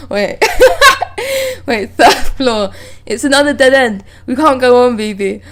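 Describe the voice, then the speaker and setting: A young woman streaming live, reading manga dialogue aloud and breaking off to react with excited exclamations and swearing. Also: fairly high pitch, moderate pace.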